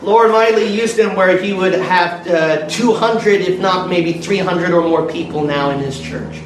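A man preaching a sermon and telling stories in an animated way. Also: high voice, unhurried. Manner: animated, storytelling with energy. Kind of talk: sermon storytelling. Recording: echoey room from far off with faint noise.

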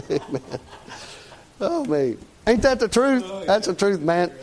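A man's voice: sits high, very animated, slow pace, darkish tone. A man preaching a sermon in a folksy, conversational way, often asking "Amen?".

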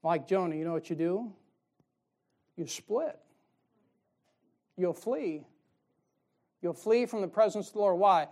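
A man's voice: sits high, a little slow, pauses often, a little mellow. A male pastor preaching a sermon in a folksy way, firing rhetorical questions at his congregation.

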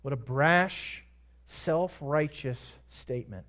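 A man preaching a sermon, retelling a scripture story with emphatic, drawn-out words. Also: fairly high pitch.

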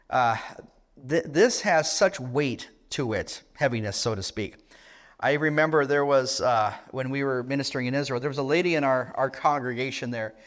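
Earnest middle-aged man preaching. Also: on the high side. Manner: earnest, with restarts and rhetorical questions. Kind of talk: sermon.

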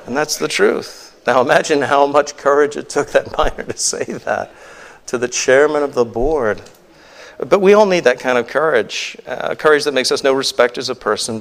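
A man's voice: medium pitch, a bit bright. Earnest male preacher, rhetorical questions. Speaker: pastor. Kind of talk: sermon.

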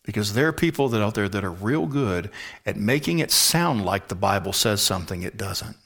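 Bright-voiced man preaching a sermon. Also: on the low side, expressive, normal speed, breathy edge. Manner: emphatic preaching, drops to a hushed whisper for stress. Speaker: pastor. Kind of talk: expository sermon.

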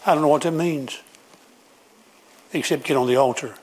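A man's voice: fairly high pitch, normal speed, darkish tone, breathy edge. A man preaching a sermon, emphatic and repetitive as he pleads with his congregation.

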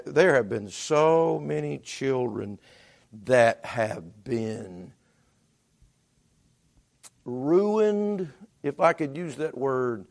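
A man preaching a sermon as pastor, talking conversationally with repeated restarts, swinging between loud bursts and hushed asides. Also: mid-range voice, vocal fry.

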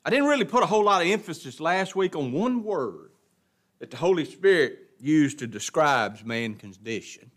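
A man's voice: on the high side, expressive, moderate pace, fairly bright tone. Folksy man teaching scripture. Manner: folksy, emphatic preaching with repeated words. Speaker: adult Bible class teacher. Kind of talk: verse-by-verse Bible lesson.

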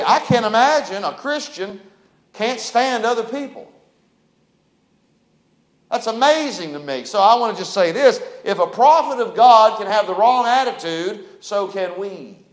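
A man's voice: high-pitched, roomy sound. A man preaching a sermon in an emphatic style, reading scripture and pressing his point. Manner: emphatic, preaching with Bible verses and a short prayer.

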